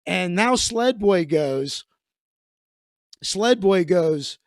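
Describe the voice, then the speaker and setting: Animated male comedian telling a story in a high voice, close dry recording. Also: drawn-out words, long pauses, no echo. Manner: animated, acts out the voices of the people in his story.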